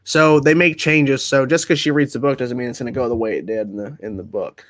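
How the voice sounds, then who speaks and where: Relaxed, chatty man hosting a livestream. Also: medium pitch, a little fast, slight background noise. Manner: relaxed, chatty, reads viewer comments aloud and answers them. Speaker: livestream host. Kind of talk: casual livestream chat answering viewer comments. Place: at home.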